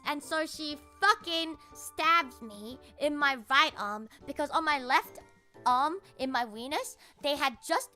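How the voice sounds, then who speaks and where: A woman livestreamer telling a story in casual chat, animated, swearing a lot and laughing along. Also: high voice, a little slow, soft background music.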